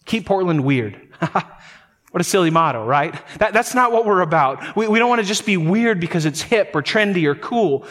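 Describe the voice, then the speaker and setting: A man's voice: high-pitched, expressive, moderate pace, a bit bright. A middle-aged man from North Dakota preaching a sermon as pastor, emphatic and prone to repeating words for stress.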